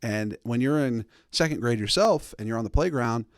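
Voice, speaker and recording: A man's voice: medium pitch, animated, moderate pace, no room sound, studio quality. Rambling thirties man telling a story. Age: 30s. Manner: rambling, digressive storytelling with asides. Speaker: host. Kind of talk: comic monologue.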